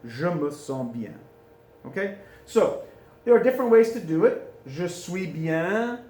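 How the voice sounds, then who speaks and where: A man teaching French in a classroom, chatty and informal, repeating phrases slowly for students to drill. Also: sits high, big pitch swings, mellow, echoey room. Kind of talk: recorded classroom lesson. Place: classroom with a board.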